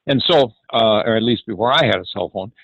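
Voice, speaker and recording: A man's voice: lowish voice, gravelly, no echo, highs cut off. A man in his eighties telling an anecdote, with frequent hesitations and acted-out dialogue. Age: 80s. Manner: halting, many hesitations, acts out dialogue. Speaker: ranch founder telling his story. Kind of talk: storytelling anecdote.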